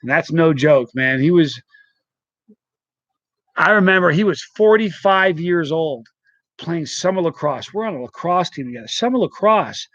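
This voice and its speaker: A man hosting a live stream, telling a story in a lively, laughing, casual way. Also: a little high, dry recording, muffled recording. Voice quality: animated, quick to laugh. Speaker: host.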